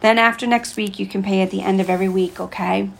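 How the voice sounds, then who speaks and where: A weary young Turkish hotel keeper, kindly and teasing in his easy way, as a woman reads him aloud. The voice carries a gravelly, creaky edge, and the delivery is relaxed and conversational, like a storybook read at home. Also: mid-range voice, quick pace.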